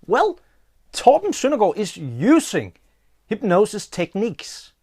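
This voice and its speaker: A man's voice: sits high, huge pitch swings, slow, darkish tone, slightly rough. Theatrical Danish man, mocking vlog. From Denmark. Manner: theatrical, sarcastic, taunting. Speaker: YouTuber and hypnotist.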